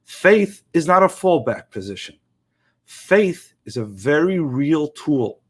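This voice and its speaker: A man telling an inspirational story in an earnest, emphatic, measured way. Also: a little high. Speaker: inspirational speaker.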